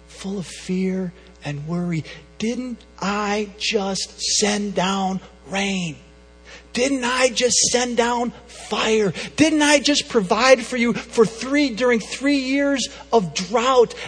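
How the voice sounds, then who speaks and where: A preacher whispering as God, gently questioning. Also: male voice, high voice, slightly rough, full character voice. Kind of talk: whispered role-play within a sermon. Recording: reverberant hall with soft music.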